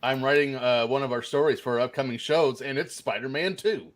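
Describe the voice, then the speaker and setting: Man co-host, mid-pitched, emphatic, loves to argue a point. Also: a little fast. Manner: playfully argumentative, emphatic. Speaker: podcast co-host and story writer. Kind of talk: casual banter.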